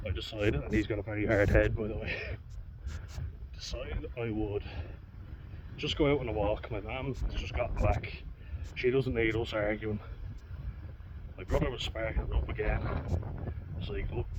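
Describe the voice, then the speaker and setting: A man chatting to camera while out on a walk, casual, self-mocking and quick to swear and laugh. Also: fairly low pitch. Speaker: vlogger. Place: outdoors on a country walk. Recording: dull lo-fi sound with wind noise outdoors.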